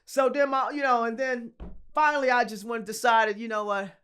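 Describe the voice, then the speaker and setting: A woman from Philadelphia, a guest on an interview show, telling her story in a lively, slangy, profane way and acting out the quotes. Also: a little high, a little fast, smooth.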